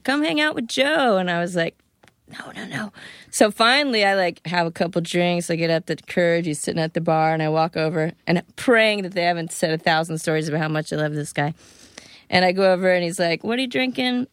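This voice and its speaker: Woman telling lively anecdotes, dry. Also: on the low side, fast, clean tone, dry recording. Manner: animated anecdotes with quoted dialogue. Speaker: guest. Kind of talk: casual storytelling chat.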